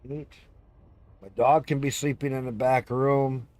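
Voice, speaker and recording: On a live stream, a man with a medium-pitched, darkish voice chats casually at a measured pace, his delivery flat and free of echo. He tells long, rambling stories about his pets, swears freely, and breaks into cat and dog impressions, including little meows.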